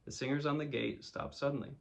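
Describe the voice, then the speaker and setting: A man narrating a children's storybook in a gentle, measured reading voice. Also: medium pitch, vocal fry, low-quality recording. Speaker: storybook reader.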